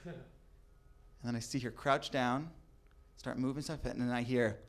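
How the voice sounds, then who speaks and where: A young adult man telling a comedic true story, animated and acting out the people in it. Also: mid-range voice, a little slow. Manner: animated, acts out voices in quotes.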